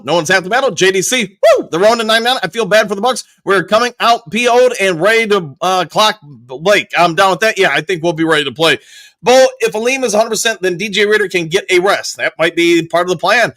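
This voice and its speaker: Male live-stream host, upbeat chat reader, high bright voice, dry close sound. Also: no echo. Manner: upbeat, greets viewers by name. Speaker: show host. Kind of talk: live-stream chat reading and sports talk.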